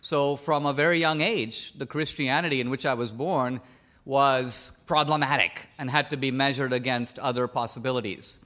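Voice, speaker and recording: A man's voice: medium pitch, moderate pace, sharp tone. A man from India arguing in a public debate, pressing his points with methodical questions.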